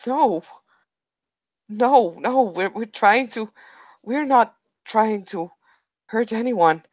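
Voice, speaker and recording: A scared young captive woman in a tabletop role-play, played by a player. She pleads slowly, stumbling and repeating her words. The sound is dull and dry. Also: fairly high pitch, animated, a little mellow, no room sound. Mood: pleading. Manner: pleading, stammering, repeating herself.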